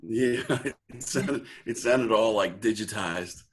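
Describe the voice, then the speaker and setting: A man's voice: lowish voice, slow. Laid-back young man student on a call. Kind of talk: casual chat. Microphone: video call.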